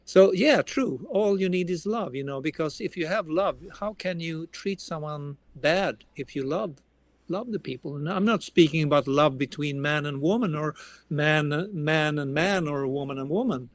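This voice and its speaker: A man's voice: on the high side, normal speed. A man with a Swedish accent, a guitarist guest talking casually in an interview, rambling with frequent restarts. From Sweden.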